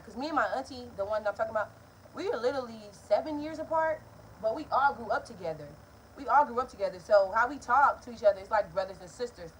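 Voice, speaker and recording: A young woman, telling a story in a casual vlog, animated and profane. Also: on the high side, fast, slight background noise. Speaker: vlogger.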